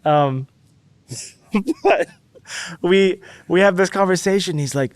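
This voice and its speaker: A man telling a story as a podcast guest, animated and acting out quotes with big jumps in pitch. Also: slow, pauses often, clear, resonant tone, no room sound. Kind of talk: casual storytelling.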